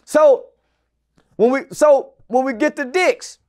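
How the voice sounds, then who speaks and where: This is a high-pitched man in his forties, a guest in an interview who tells stories with loud, profane emphasis. He often breaks into shouts, then drops to low, muttered asides. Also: slow pace. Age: 40s. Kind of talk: animated storytelling in an interview.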